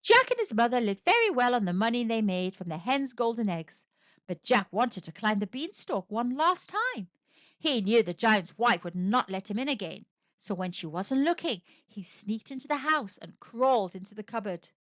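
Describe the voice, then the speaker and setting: A woman reading a picture book aloud to children, narrating with expressive, animated storytelling. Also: on the high side, normal speed, dry recording, muffled recording. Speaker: storyteller, channel host.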